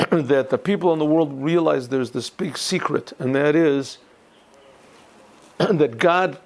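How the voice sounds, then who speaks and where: Gravelly man giving a Torah class. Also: fairly high pitch. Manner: clears throat often, thinks aloud with restarts. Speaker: rabbi teaching a yeshiva class. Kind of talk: informal Torah lesson.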